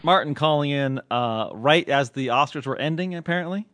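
A man's voice: on the high side, normal speed, fairly bright tone, no room sound. A man co-hosting a podcast in casual chat, laughing often. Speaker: podcast co-host.

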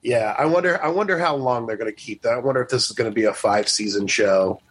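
A man's voice: medium pitch, quick pace, husky, rough recording. A man co-hosting a podcast in casual chat. He rambles, restarts often, and laughs easily. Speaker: podcast co-host.

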